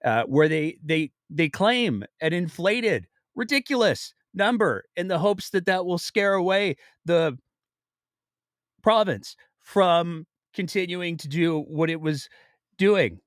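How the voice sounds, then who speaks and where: Male podcast host, wry and sarcastic commentary, lively delivery. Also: high-pitched, slow pace, no echo, studio quality. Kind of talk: casual commentary.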